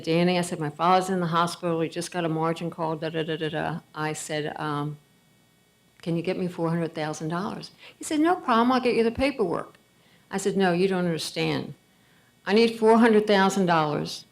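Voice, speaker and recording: A woman's voice: on the low side, gravelly. A middle-aged woman giving a conversational storytelling speech at a gala, acting out bits of dialogue. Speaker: gala speaker.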